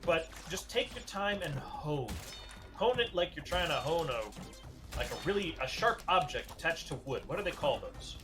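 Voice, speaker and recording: A man's voice: on the high side, animated, moderate pace. A man co-hosting a charity livestream, chatting casually with rambling jokes. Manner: joking, rambling asides. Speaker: livestream co-host. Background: music.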